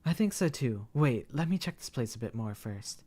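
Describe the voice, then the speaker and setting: A man's voice: mid-range voice, expressive, moderate pace, warm tone, natural voice. Timid young woman, hesitant delivery, read by a male streamer. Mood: cautious.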